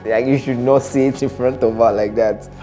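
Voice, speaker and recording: A man's voice: medium pitch, steady tone, moderate pace, music in the background. A man giving casual, blunt reaction-video commentary as an employer, laughing often and repeating himself.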